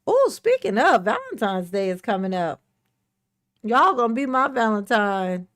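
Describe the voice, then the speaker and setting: A woman's voice: fairly high pitch, sing-song, a little slow, a bit bright. A woman hosting a casual livestream, playfully greeting chat viewers by name and breaking into bits of song. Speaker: livestream host.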